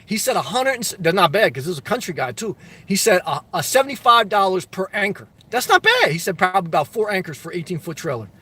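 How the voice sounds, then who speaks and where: A man's voice: high voice, lively intonation, fast, hardly any pauses, bright, forceful tone, breathy edge. A middle-aged man hosting a live stream, reading viewer comments aloud and giving blunt, loose advice in casual chat full of fillers and restarts.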